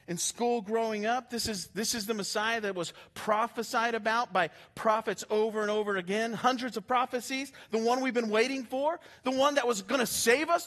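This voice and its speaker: A man's voice: very high voice, voice pushed up. A preacher acting as a stunned male pilgrim. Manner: incredulous, tumbling out questions, soft and raised. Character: bewildered male pilgrim at Pentecost.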